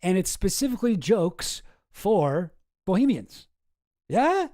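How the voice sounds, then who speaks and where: A man's voice: high voice, very animated, takes it slowly, mellow. A man hosting a casual commentary video, rambling and sarcastic, chuckling at his own jokes. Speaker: host.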